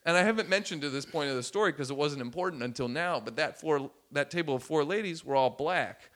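A man's voice: on the high side, quick pace. A man, a stand-up comedian, telling a story in casual chat and acting out the voices of the people in it. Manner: animated, acts out voices in quotes.

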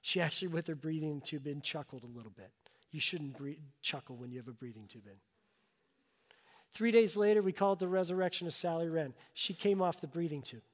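A man's voice: on the high side, fairly quick. A middle-aged male pastor preaching a sermon, telling a personal story with rising and falling emotional intensity. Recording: long reverb of a large hall.

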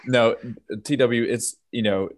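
A man with a Southern US accent chatting casually as a podcast co-host, laughing easily and pausing on fillers. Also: medium pitch, steady tone. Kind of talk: casual chat.

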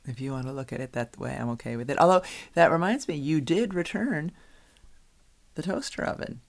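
A woman's voice: deep voice, a little fast. A middle-aged woman chatting casually as a podcast co-host, telling stories with lots of laughter and restarts. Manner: animated storyteller, laughs often, many restarts. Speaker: podcast co-host, youth basketball coach. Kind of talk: casual chat.

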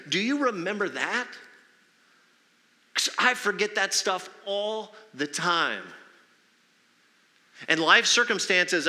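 Bright-voiced man preaching in a reverberant hall. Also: high voice. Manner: conversational preaching with many rhetorical questions. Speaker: pastor. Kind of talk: sermon.

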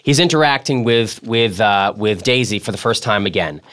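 A man's voice: lowish voice, animated, normal speed, a bit bright. A man hosting a casual book-club podcast, talking animatedly with many restarts and reading passages aloud. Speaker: podcast host.

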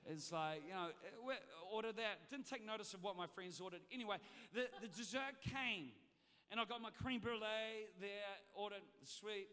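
A man preaching a sermon to a congregation, swinging between shouted exhortation and chatty, humorous storytelling. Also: sits high, normal speed, clear, resonant tone. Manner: humorous, conversational asides to the congregation. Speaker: pastor. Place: church hall. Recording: long reverb of a large hall.

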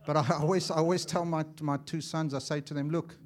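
A man preaching a sermon as an evangelist, impassioned and swinging from loud to hushed, acting out little dialogues as he tells stories. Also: on the high side, fairly even intonation, quick pace. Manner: acts out dialogue in storytelling.

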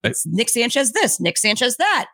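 A woman's voice: fairly high pitch, very animated, normal speed, pushed and bright, no room sound. A woman co-hosting a motorsports radio show, chatting casually and teasing her co-host. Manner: playful, teasing. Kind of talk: casual chat.

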